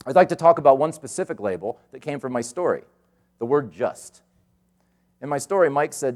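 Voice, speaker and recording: Animated man giving a keynote. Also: medium pitch, fairly quick. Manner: animated, acts out quoted voices. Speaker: keynote speaker. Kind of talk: conference keynote storytelling. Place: conference hall stage.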